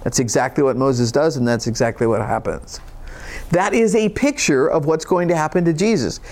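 A man's voice: fairly high pitch, normal speed, a little mellow. A man preaching a sermon, reading scripture and explaining it in a conversational, folksy way with casual asides. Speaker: pastor.

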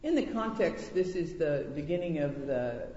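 A woman's voice: sits low, animated, moderate pace, warm tone, muffled recording, a little hiss or hum. Earnest woman teaching in an echoey hall. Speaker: women's Bible study teacher. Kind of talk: Bible teaching talk to women.

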